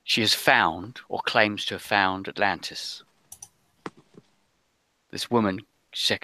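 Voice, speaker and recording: A man voicing a frightened little French girl with a put-on French accent, pleading in a hushed, urgent way. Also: low voice, dry recording, full character voice.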